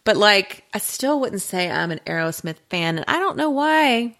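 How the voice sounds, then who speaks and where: A woman's voice: medium pitch, sing-song, normal speed, fairly bright tone. A woman co-hosting a podcast in casual chat, rambling with lots of filler words and trailing thoughts. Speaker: podcast co-host.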